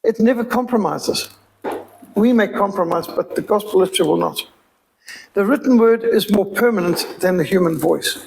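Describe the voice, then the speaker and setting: A man's voice: high voice, normal speed, vocal fry, a little mellow, a little hiss or hum, poor audio. A man with a Rhodesian accent giving an emphatic, preacherly sermon-style appeal as a missionary speaker. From Zimbabwe.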